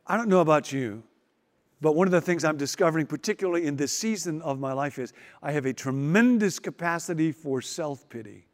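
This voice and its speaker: Brief: man in the pulpit, fairly high-pitched, dramatic pauses, reverberant hall. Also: animated. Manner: dramatic pauses, emphatic and wry. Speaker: pastor. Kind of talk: sermon.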